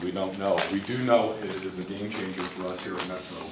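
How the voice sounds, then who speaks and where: A man's voice: deep voice, fairly even intonation, a little fast, hardly any pauses, noisy background. Congested man speaking far off in an echoey room. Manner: conversational, frequent uh and um, restarts itself. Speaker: rail operations executive giving a briefing. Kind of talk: informal presentation at a public meeting. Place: large meeting room. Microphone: distant room mic.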